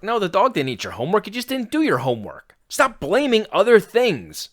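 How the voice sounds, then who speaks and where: A man's voice: high voice, wildly swooping pitch, normal speed, a bit bright. A man hosting a fitness podcast, giving a blunt, exasperated rant that includes some swearing. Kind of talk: ranting podcast monologue.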